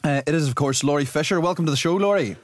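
A man's voice: on the high side, racing, dry recording, studio quality. A man hosting a podcast, steering the chat back and introducing a guest. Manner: steering conversation back on topic. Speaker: podcast host.

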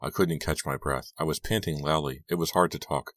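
A man reading a young-adult horror novel aloud, in a steady, measured manner. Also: very deep voice, no echo. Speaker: audiobook narrator. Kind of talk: scripted narration.

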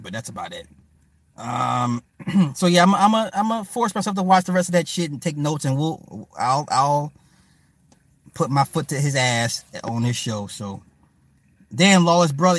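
Man streamer, casual profane commentary, talks to chat, slightly high voice, dry close mic. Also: animated, normal speed, fairly bright tone, dry recording. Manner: loose, profane, joking; talks to viewers and chat by name. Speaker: livestream host.

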